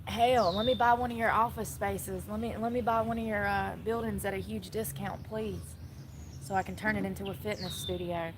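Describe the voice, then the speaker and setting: A woman's voice: medium pitch, a bit bright, slight background noise. A woman giving blunt, sassy casual commentary, laughing often.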